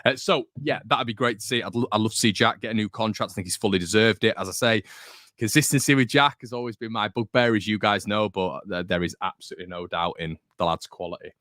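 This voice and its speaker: Chatty young man, low and dry. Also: fast talker, a bit bright, dry recording. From Northern England. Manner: chatty, jokey, rambling. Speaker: football fan channel host. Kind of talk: casual chat to camera.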